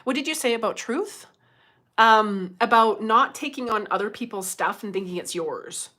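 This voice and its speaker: A woman's voice: fairly high pitch, lively intonation, normal speed, pushed and bright. A middle-aged woman chatting casually on a livestream, laughing often and reading out viewer comments. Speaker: livestream host.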